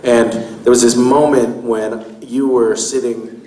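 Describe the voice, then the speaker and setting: A man on a convention panel, joking in a wry, deadpan way. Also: mid-range voice, takes it slowly. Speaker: panel guest. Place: convention hall with audience. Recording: echoey convention hall, loud crowd and noise.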